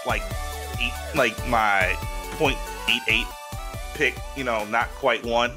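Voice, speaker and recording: A man co-hosting a podcast in casual chat, rambling and excitable with lots of restarts. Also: mid-range voice, slow, over music. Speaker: podcast co-host.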